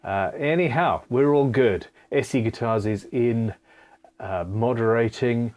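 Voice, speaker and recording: A chatty man hosts a relaxed live question-and-answer stream from his home studio. He talks at an ordinary mid pitch and works through viewer comments with self-deprecating asides. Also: a little slow. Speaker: live stream host and guitar builder.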